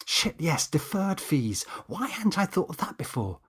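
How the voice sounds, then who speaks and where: A man's voice: a little high, sing-song, a little slow, few pauses, fairly bright tone, husky. A man narrating a comic audiobook in the first person, wry and exasperated, with swearing asides.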